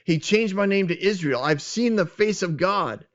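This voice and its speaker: A man's voice: high-pitched, expressive, moderate pace, highs cut off, pitched above the performer's own voice. A man voicing Jacob, an earnest patriarch reassuring his family, in a casual retelling.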